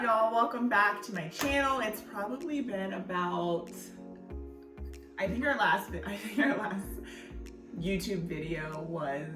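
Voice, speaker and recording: A woman chatting casually to her vlog audience, laughing easily and saying "like" and "y'all" often. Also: medium pitch. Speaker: vlogger. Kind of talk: casual family vlog chat. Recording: echoey room from a distance.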